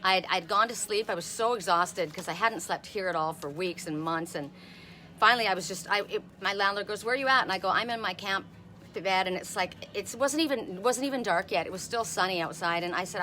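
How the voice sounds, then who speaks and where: A woman's voice: mid-range voice, a little fast, bright, forceful tone, a little hiss or hum. A woman in her fifties giving a chatty live-stream oracle card reading, talking to viewers by name and laughing often. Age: 50s.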